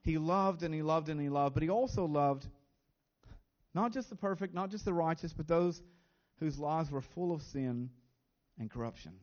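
Male pastor, fairly high voice, earnest sermon delivery, muffled lo-fi recording. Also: lively intonation, moderate pace, darkish tone. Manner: earnest, repeats words when stressing a point.

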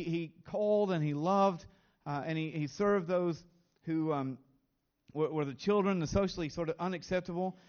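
A man's voice: a little high, darkish tone, lo-fi sound. A man preaching a sermon as pastor, earnest, often repeating words as he presses a point.

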